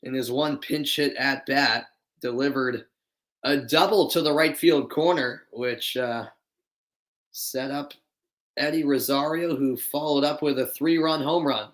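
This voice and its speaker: A man's voice: medium pitch, fairly even intonation, measured pace, fairly bright tone. Chatty man calling a ballgame live. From Boston, USA. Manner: chatty, replies to live chat viewers between plays. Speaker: amateur play-by-play commentator. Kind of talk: live play-by-play commentary with chat asides. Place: dimly lit room at home.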